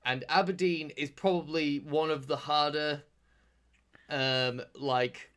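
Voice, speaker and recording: A man's voice: a little high, steady tone, slow, fairly bright tone. A man co-hosting a podcast, chatting casually, rambling with restarts and casual swearing. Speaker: podcast co-host. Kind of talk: casual chat.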